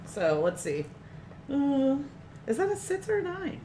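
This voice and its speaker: A woman's voice: high-pitched, wildly swooping pitch, measured pace, dark tone. A woman playing a tabletop game, chatting in a playful, giggly way. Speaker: player. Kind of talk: casual tabletop game chat. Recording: roomy mic with clear background noise.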